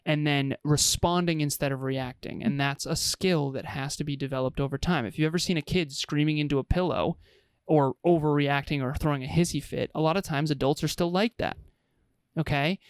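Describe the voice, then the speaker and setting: A man's voice: a little high, steady tone, a little fast, smooth, dry recording. A man co-hosting a relationship podcast in casual chat, talking with energy and repeating words for emphasis. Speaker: co-host.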